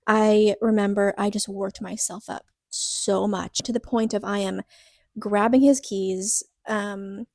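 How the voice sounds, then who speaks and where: A woman's voice: medium pitch, fairly even intonation, slow, vocal fry, a little mellow, no echo, clean studio sound. A woman co-hosting a podcast, telling a personal story in a rambling, earnest way, full of "like" fillers and restarts. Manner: earnest, openly vulnerable. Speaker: podcast co-host. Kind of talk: casual personal podcast chat.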